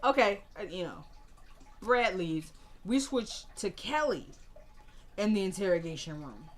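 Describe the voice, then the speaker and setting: Woman recapping a drama episode, slightly low-pitched, chatty, quotes characters as she goes. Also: big pitch swings, measured pace. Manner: retells scenes by quoting characters, peppered with "like" and "you know". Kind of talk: casual spoken recap of a TV drama.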